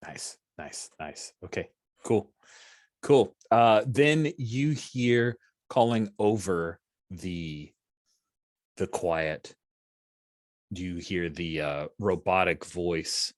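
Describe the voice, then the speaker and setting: Low-voiced man running a tabletop game. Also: drawn-out words, dry recording, studio quality. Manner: relaxed, hesitant, lots of fillers. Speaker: game master.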